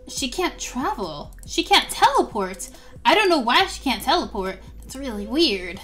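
A woman narrating a life-sim game as a gaming video host, excitable and chatty. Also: high-pitched, measured pace. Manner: excitable, gasps and laughs often. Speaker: gaming youtuber. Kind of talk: let's play commentary.

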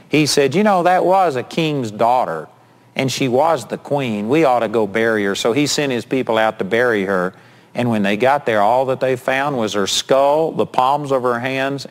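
A male preacher retelling a Bible story in a sermon, acting out the quotes as he tells it. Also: medium pitch.

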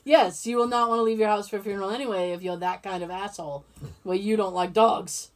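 This co-host talks fast in a medium-pitched voice, telling lively stories in casual podcast conversation and laughing frequently.

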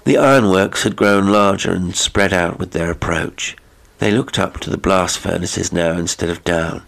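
A man reading a classic horror story aloud as an audiobook narrator, in measured, dramatic storytelling. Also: deep voice, creaky, fairly bright tone.

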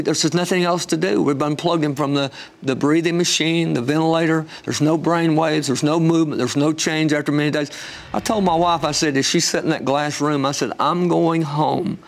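Animated man telling his testimony. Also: creaky. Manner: storytelling, gets animated and higher when excited. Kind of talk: emotional personal testimony.

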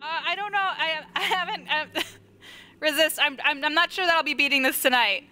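A woman's voice: sits high, normal speed, bright, forceful tone. A young woman streaming a game live, chatting to the game and greeting her viewers. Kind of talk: live gameplay commentary.

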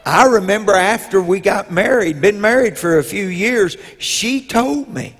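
Bishop, slow unhurried storytelling sermon, husky tone, echoing sanctuary. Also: male voice, high-pitched. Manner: slow storytelling with drawn-out pauses; rises to loud emotional peaks. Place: church sanctuary. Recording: long reverb in a church hall.

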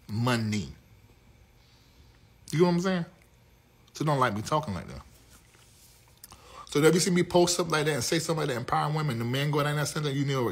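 Hosting a live talk show, a man with a Southern US accent gets sassy and flamboyant with his chat, swinging between low mutters and loud outbursts. His voice is slightly rough.

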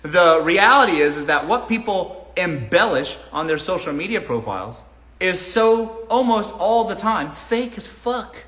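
A man hosts a live dating Q&A and gives advice bluntly, swearing freely. His voice sits a bit high and bright, and it jumps around a lot in pitch. The recording has a roomy echo. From Los Angeles. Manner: blunt, profane, animated.

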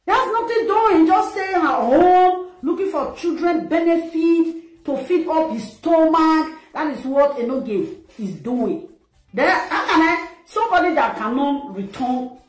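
A Nigerian woman ranting and mocking someone, her high voice leaping up and down as she talks. It sounds like an echoey room, with faint music playing behind her. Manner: mocking, insulting, laughing between jabs. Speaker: social media personality. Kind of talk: ranting livestream monologue.

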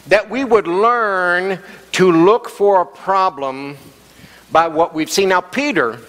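A man preaching a sermon as pastor, animated and acting out the quoted voices. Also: on the high side. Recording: long hall reverb.

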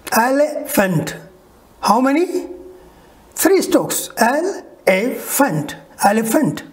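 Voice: mid-range voice, a little mellow. An English teacher giving a recorded lesson, saying each example word twice and checking in with the listener.

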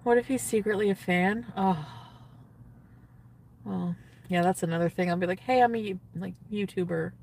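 A woman's voice: mid-range voice, normal speed, creaky, long pauses, darkish tone, recorded from a distance, slight background noise. A woman talks casually on a phone livestream from inside a parked car. She is giddy and gushing, and she keeps answering her chat between sighs and laughs.

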